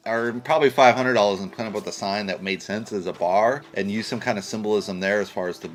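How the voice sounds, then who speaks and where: A man's voice: on the low side, fast. Blunt, rambling male movie reviewer. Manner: blunt, rambling, swears casually. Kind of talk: casual spoken film review.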